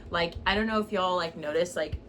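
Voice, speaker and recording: A woman with a fairly low voice reads tarot cards in a loose, chatty way, peppering her talk with "like" and "okay?". She records on a phone, and steady noise sits clearly behind her. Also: fairly quick, low-quality recording. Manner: chatty and loose, with frequent "like" and "okay?", swearing and laughing. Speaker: tarot reader. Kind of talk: casual tarot reading.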